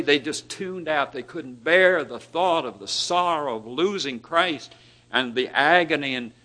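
A man preaching a sermon, asking his listeners questions, lifting his voice for emphasis and letting phrase ends fall very soft. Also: medium pitch. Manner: dynamic, rising for emphasis and dropping to near-whispers at phrase ends; asks the listeners rhetorical questions.

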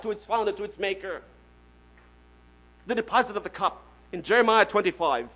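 A man preaching a sermon, swinging from hushed tones to loud emphasis and repeating phrases as he addresses his listeners as friends. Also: high-pitched, expressive, a little fast, poor audio.

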